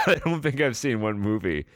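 A man with a low voice chats loosely on a podcast, wandering through tangents with a sarcastic edge. His pitch rises and falls a lot as he talks. The sound is close and dry. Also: a bit bright, no echo. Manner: rambling, sarcastic, swears a lot. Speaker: podcast co-host. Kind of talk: casual chat.

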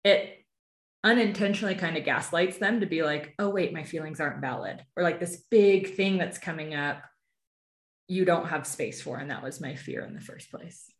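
A woman's voice: fairly low pitch, moderate pace, echoey room. A woman hosting a podcast, talking casually and often tagging her points with "right?". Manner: warm, conversational, tags phrases with "right?". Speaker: podcast host. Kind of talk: casual interview chat.

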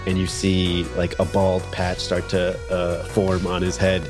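A man's voice: low-pitched, completely flat delivery, measured pace, over music. A man playing a tabletop game, describing his character loosely with lots of fillers and slang. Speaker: player. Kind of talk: casual tabletop play.

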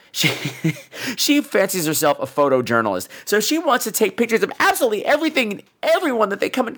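Animated, sarcastic man ranting. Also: high voice. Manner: profane, sarcastic, animated storytelling. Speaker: podcast host reviewing bad movies. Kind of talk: comedic movie-review rant.

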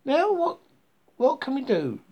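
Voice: high voice, huge pitch swings, unhurried, highs cut off, pitched above the performer's own voice, exaggerated voice. A reader voicing a grateful, cheerful male frog in a children's storybook, eager and bouncy.

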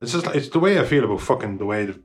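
A man co-hosting a film podcast, chatting casually in a middle-pitched voice. He rambles, restarts his sentences and swears often. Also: lively intonation, rapid-fire. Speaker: podcast co-host. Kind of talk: casual chat.

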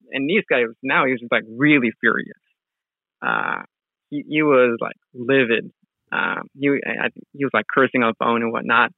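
A man's voice: medium pitch, dry recording. A man recounts a story in an easygoing, rambling way, full of restarts. His voice comes through thin and tinny, like a phone line, with no room sound. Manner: rambling, many fillers and restarts. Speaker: guest, real estate wholesaler. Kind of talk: casual storytelling interview.

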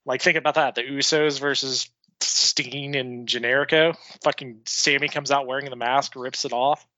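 A man's voice: mid-range voice, steady tone, moderate pace, sharp tone, dry recording, muffled recording. A young man co-hosting a casual podcast, opinionated and profane, often chuckling. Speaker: podcast co-host.

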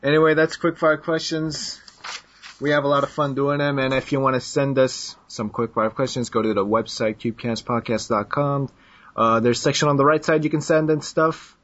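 A man's voice: mid-range voice, a bit bright, dry recording. A man hosts a casual podcast, reading questions and teasing his guest. His voice sits in a middle register. The recording is dry and somewhat dull. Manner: joking, teasing, laughs often. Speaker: podcast host. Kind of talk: casual chat.

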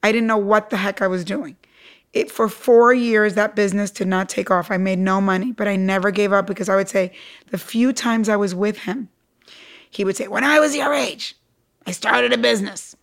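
Speaking in a mid-range voice at a normal speed, a middle-aged woman from Cuba tells her entrepreneurial story as a podcast guest. She's animated and emphatic throughout, dramatizing the quotes she shares.

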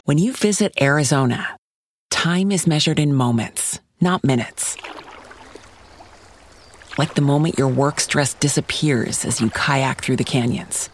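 A man reading a scripted travel advertisement in a smooth, measured way. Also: mid-range voice, a little hiss or hum. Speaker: ad narrator.

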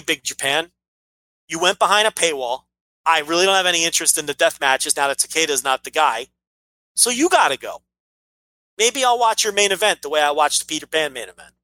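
A man's voice: high-pitched, bright, forceful tone, no room sound, poor audio. A man co-hosting a casual wrestling podcast, rambling and blunt, swearing freely. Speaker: podcast co-host.

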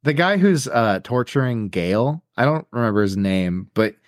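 A man's voice: mid-range voice, animated, normal speed, no echo, studio quality. A man co-hosting a podcast, loosely recapping a film with profanity, often trailing off as he searches for words. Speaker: podcast co-host. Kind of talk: casual chat recapping a film.

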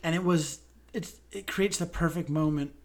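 Earnest, animated podcast co-host. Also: medium pitch, moderate pace. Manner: earnest and animated, with frequent restarts. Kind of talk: casual discussion.

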